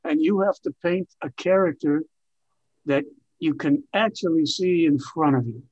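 An older man speaks as a guest in an interview, his voice sitting a little high for a man. He tells stories in an expansive, emphatic way, stretching his phrases for weight. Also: moderate pace, darkish tone, highs cut off. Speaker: veteran TV writer and guest. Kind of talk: reflective interview storytelling.

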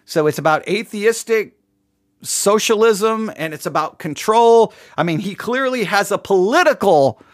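A man's voice: high-pitched, animated, measured pace, dry recording, studio quality. A man giving casual commentary on a sermon clip, chatty and wry, often repeating his phrases.

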